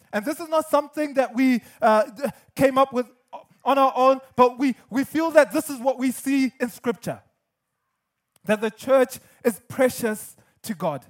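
High-voiced man preaching a sermon. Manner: earnest, emphatic preaching with repetition and light humor. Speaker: pastor.

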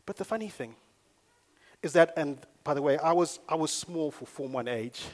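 A man delivering a sermon as a pastor. His voice sits a little high. He mixes hushed storytelling with passages of loud, fervent emphasis. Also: animated, normal speed.

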